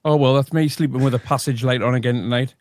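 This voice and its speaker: A man's voice: mid-range voice, steady tone, fast talker, darkish tone, dry recording. Man, comedy commentator, sarcastic asides, dry close sound.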